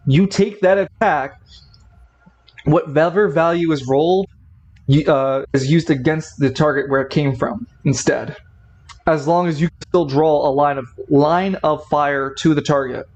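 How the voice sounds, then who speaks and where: A man's voice: on the high side, a little mellow, rough recording. A man narrating a tabletop role-playing game as game master, often stopping and restarting while he checks the rules.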